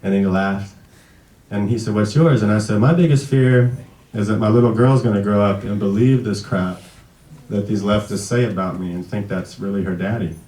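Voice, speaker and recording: A man in his thirties giving an emotional tribute speech at a memorial event, halting and full of restarts, sometimes fighting back tears. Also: lowish voice, fairly even intonation, mellow. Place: event hall. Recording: echoey hall, far from the mic.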